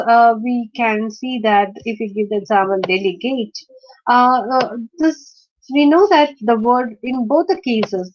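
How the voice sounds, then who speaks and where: A woman teaching in an online lecture, explaining step by step with many pauses, fillers and restarts. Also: fairly high pitch. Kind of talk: screen-shared online lecture. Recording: dull lo-fi recording.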